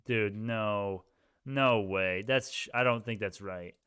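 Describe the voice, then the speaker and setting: Smooth-voiced man hosting a casual stock stream. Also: lowish voice, takes it slowly, fairly bright tone, dry recording, studio quality. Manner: rambling, casual, thinking aloud. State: sleepy, yawning. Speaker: stock livestream host. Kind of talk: live stream chat answering viewers.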